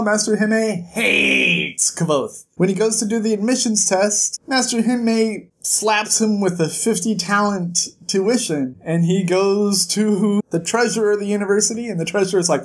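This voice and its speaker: A woman giving a casual book recap, sarcastic and dramatic, with exaggerated gasps and groans. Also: mid-range voice. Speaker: book vlogger.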